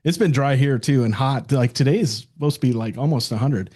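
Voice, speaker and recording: An older man chatting as a podcast co-host. He rambles through stories in a relaxed, joking way, with a voice of middle pitch. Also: brisk. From South Dakota, United States. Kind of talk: casual chat.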